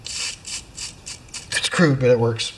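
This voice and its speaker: A man who owns a small-engine repair shop walks through a repair in his workshop, chatty and step by step. He speaks very slowly at medium pitch with a fairly bright tone, over a slight hiss or hum, and keeps apologizing and poking fun at himself.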